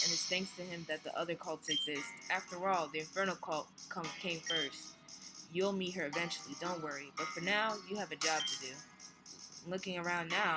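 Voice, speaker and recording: A woman voicing a cocky, dismissive male mercenary who posed as a prophet, over loud game music. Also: on the low side, natural voice, low-quality recording. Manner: cocky, dismissive, casual slang.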